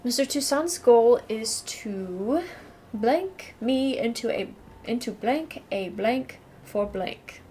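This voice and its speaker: A woman's voice: fairly high pitch, lively intonation, slow, mellow, slight background noise. Casual woman streamer muttering wry asides. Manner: casual, wry asides while reading dialogue. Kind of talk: gameplay commentary.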